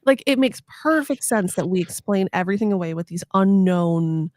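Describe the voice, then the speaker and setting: A woman's voice: medium pitch, lively intonation, normal speed, darkish tone, no room sound, studio quality. A woman hosting a podcast in casual chat, playful and sarcastic, swearing freely and acting out silly voices. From United States. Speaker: podcast host.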